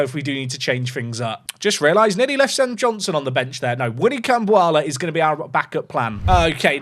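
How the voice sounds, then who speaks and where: A man's voice: a little high, a bit bright. A man giving casual, analytical commentary on a football management game as he plays, chatty and a little self-deprecating. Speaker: gaming YouTuber.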